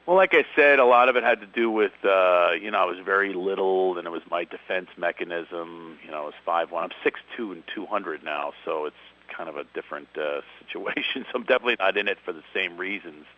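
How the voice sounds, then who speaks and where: On a joking radio interview, a middle-aged Philly-accented comic keeps the one-liners coming and breaks into laughter mid-sentence. He speaks low and a little fast, and the audio is dull.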